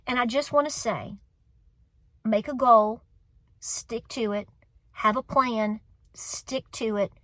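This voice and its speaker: A Southern US woman in her forties hosts a homestead channel, speaking to viewers in an earnest, emotional, encouraging way, close to tears and repeating phrases for emphasis. Her fairly high voice sounds pushed and bright, with no echo.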